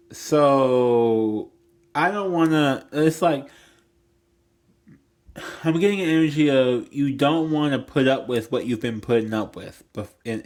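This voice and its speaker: A young man giving a casual tarot reading, rambling and blunt, swearing freely and filling his talk with "like". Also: medium pitch. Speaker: tarot reader.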